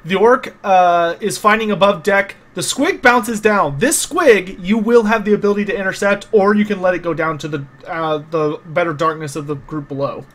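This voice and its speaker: A man's voice: high voice, steady tone, normal speed, hardly any pauses, fairly bright tone. A man narrating a tabletop game as game master, explaining the rules patiently with many small hesitations.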